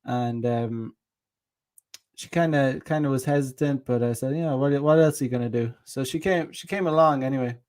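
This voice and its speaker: A man's voice: mid-range voice, normal speed, darkish tone. A man hosting his own channel, telling a dating story in a rambling, casual monologue with frequent restarts, swearing and short laughs. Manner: reads out viewer comments. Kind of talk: casual monologue with reenacted dialogue.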